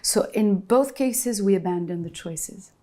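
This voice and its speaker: A woman's voice: medium pitch, measured pace, mellow. A woman, a guest in an interview, speaking thoughtfully and searching for her words. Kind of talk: reflective conversation.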